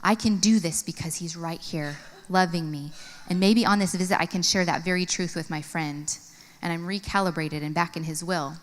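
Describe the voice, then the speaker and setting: A woman in her thirties speaking at a conference, telling an earnest personal story and reading from her journal. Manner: earnest, storytelling, expressive swings in pitch. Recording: long hall reverb.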